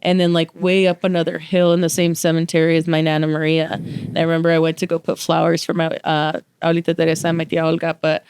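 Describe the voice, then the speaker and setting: A young woman co-hosting a podcast, telling stories in casual chat, animated and swearing freely. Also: low-pitched, fast talker, smooth. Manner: animated storyteller, swears freely, acts out quotes. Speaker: podcast co-host.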